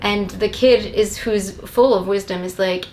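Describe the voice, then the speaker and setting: A woman's voice: medium pitch, steady tone, measured pace, darkish tone, slight background noise. A young woman recapping a movie in a rambling, sarcastic comedy style, swearing constantly. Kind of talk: profane comedic plot recap.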